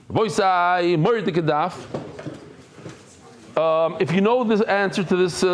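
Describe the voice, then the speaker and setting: A man's voice: high-pitched, slight background noise. Chatty middle-aged man teaching a class. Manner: chatty, joking, reads names quickly. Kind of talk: casual class talk. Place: study hall with a live audience.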